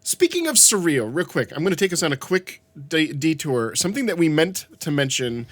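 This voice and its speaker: A man co-hosting a podcast who tells stories with animated energy and casual swearing. His voice sits a bit high, and the recording is dry and close. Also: fairly quick, no room sound. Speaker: podcast co-host. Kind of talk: casual chat.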